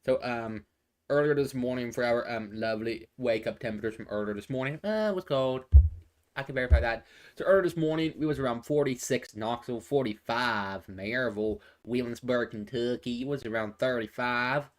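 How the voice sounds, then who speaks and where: A man with a mid-range voice speaks a little fast into a phone, giving casual live traffic and weather updates as an amateur presenter. He rambles and repeats himself, with many fillers and restarts.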